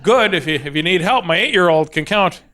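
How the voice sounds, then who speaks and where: Self-mocking comedian man, smooth voice. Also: sits high, animated, a little fast, bright, forceful tone. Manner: self-deprecating, acts out dialogue, laughs at own jokes. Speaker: stand-up comedian. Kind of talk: stand-up storytelling. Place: stage before a live audience.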